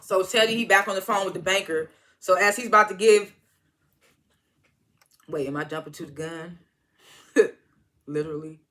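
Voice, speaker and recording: Bright-voiced, rambling TV episode reviewer. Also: medium pitch, normal speed, long pauses. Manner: animated, rambling, self-correcting; excited exclamations. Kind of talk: casual episode recap.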